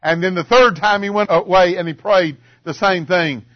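An older man preaching a sermon in a church, swinging from ringing cries down to quiet, drawn-out murmurs. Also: high-pitched, steady tone, highs cut off. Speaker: pastor.

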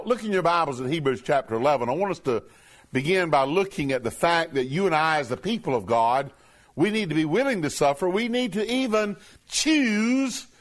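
A man preaching a sermon, talking plainly to his congregation and reading scripture aloud slowly and emphatically. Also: high-pitched. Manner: emphatic, reads scripture in a slow raised voice.

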